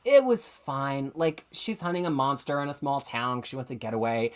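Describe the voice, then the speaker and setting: A comics show host talking in a casual live stream, rapid, chatty and opinionated, rambling and catching themselves as they go. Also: medium pitch, sing-song, clean tone. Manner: enthusiastic, opinionated.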